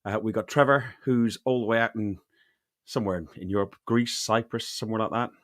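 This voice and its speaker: A man's voice: on the low side, a little fast, fairly bright tone, no room sound, clean studio sound. A man hosting a casual podcast, rambling and chatty, with lots of fillers and restarts. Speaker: podcast host. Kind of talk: casual chat.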